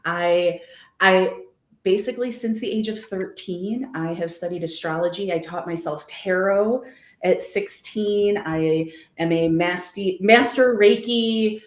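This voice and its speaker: A woman's voice: mid-range voice, unhurried. Bubbly woman in her forties, echoey room. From United States. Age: 40s. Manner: bubbly and laughing, nerdy jargon. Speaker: guest astrologer. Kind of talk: casual livestream chat.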